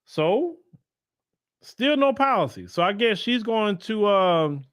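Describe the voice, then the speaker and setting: Here a man with a smooth, high voice hosts a political commentary show alone, speaking slowly yet very animatedly. While scrolling websites on screen he presses his points emphatically through repeated rhetorical questions and sarcastic asides. Recorded dry, studio quality.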